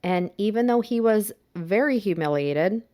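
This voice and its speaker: A woman's voice: medium pitch, expressive, normal speed, a little mellow. A woman co-hosting a podcast, narrating a true crime case in a casual, playful way. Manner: casual, playful storytelling with laughs. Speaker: podcast co-host.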